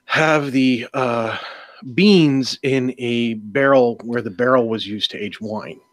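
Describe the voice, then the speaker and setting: A man's voice: mid-range voice, slow pace, no echo. A man co-hosting a casual podcast, throwing in dry wisecracks. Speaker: podcast co-host. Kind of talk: casual chat.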